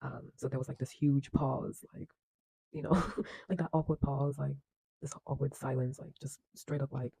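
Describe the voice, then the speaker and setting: A man's voice: mid-range voice, steady tone, normal speed, gravelly, warm tone, slightly rough, low-quality recording. A man casually retelling a film plot in a loose, chatty way, with lots of fillers and acted-out lines. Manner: acts out characters' lines with bursts of energy. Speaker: film reviewer.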